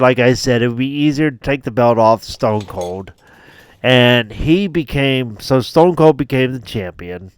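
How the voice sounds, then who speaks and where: A man's voice: medium pitch, smooth, no room sound, clean studio sound. A man hosting a gaming video, casually telling a laid-back story with frequent laughs and free swearing. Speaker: gaming channel host.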